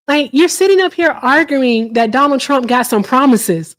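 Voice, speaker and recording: A woman's voice: high-pitched, animated, normal speed. A woman hosting a heated live-stream debate. She is combative, repeats her points, talks over her caller and speaks casually with "y'all".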